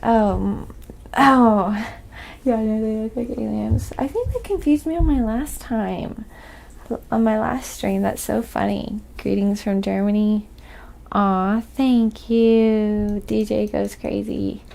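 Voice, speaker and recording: A woman from Oklahoma with a slight Southern accent, chatting softly on a live painting stream and reading viewer comments aloud. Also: on the high side, slow, gravelly. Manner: reads viewer comments aloud, thanks donors. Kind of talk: soft-spoken ASMR live stream chat.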